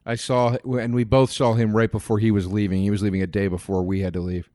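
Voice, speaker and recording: A man's voice: lowish voice, level tone, fast, warm tone, no echo. A man telling a comedy-club story in casual chat, acting out the voices as he goes.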